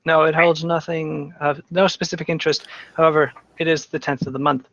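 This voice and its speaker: A man running a tabletop game as game master, narrating in a dry, measured way. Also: a little high, level tone, fairly bright tone, muffled recording.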